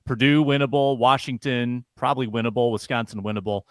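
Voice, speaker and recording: Brisk man co-hosting, dry sound. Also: mid-range voice, steady tone, dry recording. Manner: brisk, asks questions and lists picks. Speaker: co-host. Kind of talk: casual sports talk.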